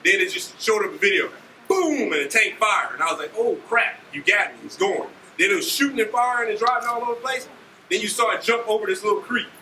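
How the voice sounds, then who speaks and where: Animated man speaking in an echoey hall. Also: high-pitched, fast talker. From Ohio. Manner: animated, acts out scenes, keeps asking "right?". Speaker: army leader speaking to students. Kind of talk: motivational storytelling speech. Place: school auditorium. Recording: echoey hall from far off, faint noise.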